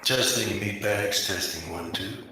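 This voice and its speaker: A man voicing a cold male assassin droid with a flat, mechanical delivery. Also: low-pitched, measured pace, heavy reverb, music in the background. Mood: menacing.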